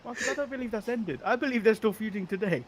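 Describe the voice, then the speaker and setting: A man's voice: sits high, fast talker, slight background noise. A man with an English accent co-hosting a casual wrestling recap chat, chatty and giggly, tripping over his words. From England. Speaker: co-host.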